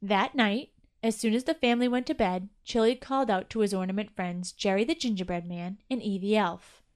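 A woman's voice: medium pitch, brisk. A woman narrating a children's Christmas story aloud.

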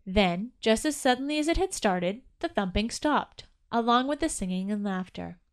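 A woman's voice: fairly high pitch, expressive, normal speed, smooth. A woman narrating a children's Christmas story aloud.

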